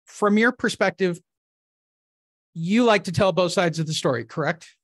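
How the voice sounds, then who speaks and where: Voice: mid-range voice, normal speed, no echo, studio quality. A host leading a casual interview, talking in an enthusiastic, promotional way.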